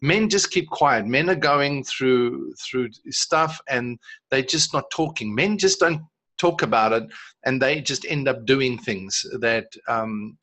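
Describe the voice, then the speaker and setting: A South African man co-hosting a casual faith podcast, talking in a halting way with repeated words and many fillers. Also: mid-range voice, sharp tone. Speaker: podcast co-host.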